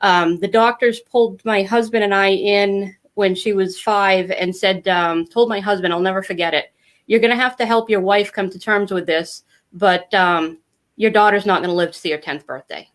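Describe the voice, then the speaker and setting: A middle-aged woman with a medium-pitched voice and moderate pace appears as a podcast guest, telling her family story. She's candid and talkative, using lots of fillers in this casual interview storytelling.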